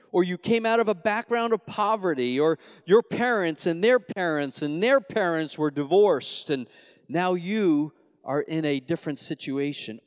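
Preaching man from New York in a reverberant hall. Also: high voice. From New York, Long Island. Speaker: pastor. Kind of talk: sermon. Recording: long reverb of a large hall.

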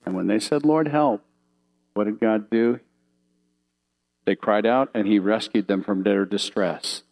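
A man's voice: fairly low pitch, unhurried, creaky, low-quality recording. A man preaching a sermon from slides, telling vivid little stories and asking the audience questions. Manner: animated storytelling, asks the audience questions.

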